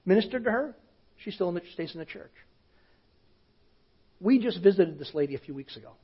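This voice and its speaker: A pastor with a fairly high, husky voice tells a story from the pulpit, casual and conversational, often sinking to a near hush. The recording sounds dull and lo-fi. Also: male voice, expressive, fairly quick. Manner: conversational, often dropping to a hushed voice. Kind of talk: sermon storytelling.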